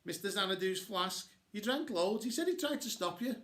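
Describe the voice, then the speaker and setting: A man's voice: high-pitched, animated, moderate pace, a bit bright, echoey room, pitched above the performer's own voice. A man reading a story aloud, voicing a chatty, show-off young girl who brags and teases. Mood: bragging. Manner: bubbly and bragging.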